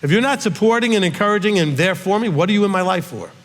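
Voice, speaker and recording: Middle-aged rabbi guy, fairly high voice, keeps going "okay?", big echoey hall. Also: lively intonation, quick pace, fairly bright tone. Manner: emphatic, with frequent "okay?" check-ins. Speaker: rabbi teacher. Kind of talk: Q&A teaching. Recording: long hall reverb.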